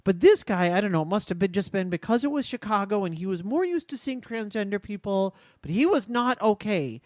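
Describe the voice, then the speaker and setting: A woman's voice: medium pitch, expressive, darkish tone, dry recording, clean studio sound. Earnest, reflective woman podcast host. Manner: reflective storytelling, measured and earnest. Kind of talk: casual podcast conversation.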